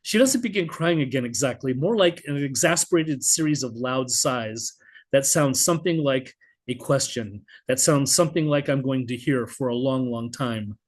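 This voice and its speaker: A middle-aged man reading his own poetry in an expressive spoken-word style, blunt and vivid, now and then swearing, over a video call. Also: medium pitch, moderate pace. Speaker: poet.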